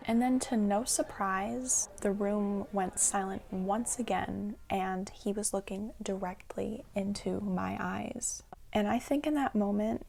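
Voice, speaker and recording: Gravelly young woman telling a story. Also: medium pitch. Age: young adult. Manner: animated, dramatic storytelling with quoted voices. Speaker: vlogger. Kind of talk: storytime vlog.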